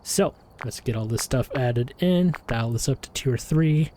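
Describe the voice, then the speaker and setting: A slightly hoarse, out-of-breath man giving rambling, self-deprecating commentary while streaming a game. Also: mid-range voice, lively intonation, a little slow, dark tone, slight background noise. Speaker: gaming streamer.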